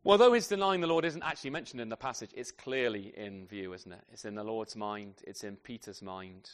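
A man preaching a sermon to a congregation with children, asking tag questions and swinging from loud emphasis to soft, quiet phrases. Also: on the low side, fairly quick. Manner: animated, asks tag questions often.

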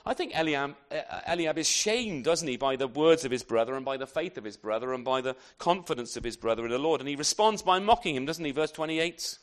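Brief: male preacher, fairly high voice, chatty expository sermon, leans on tag questions. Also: expressive, a little fast, hardly any pauses. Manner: conversational, frequent tag questions; self-deprecating asides.

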